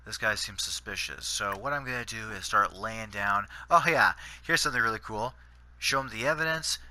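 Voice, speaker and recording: A man's voice: lowish voice, normal speed, bright, forceful tone. A Canadian man giving rambling gameplay commentary, full of fillers and restarts. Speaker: gaming channel host.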